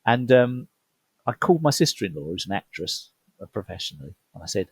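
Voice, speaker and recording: A middle-aged Englishman, a podcast guest, telling a personal story in lively fashion and acting out what people said. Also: on the low side, a little fast, breathy edge, no room sound. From England. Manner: animated storyteller, acts out quoted voices. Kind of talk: storytelling conversation.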